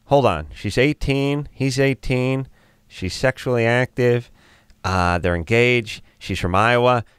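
A man's voice: mid-range voice, takes it slowly, clear, resonant tone, no echo, studio quality. A man co-hosting a call-in advice radio show, blunt and wisecracking, cutting in over others. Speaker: radio co-host.

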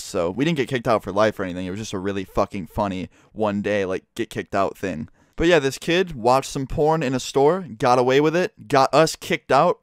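A man's voice: mid-range voice, dry recording, studio quality. A young man casually telling a profane storytime, laughing as he goes. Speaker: storytime vlogger.

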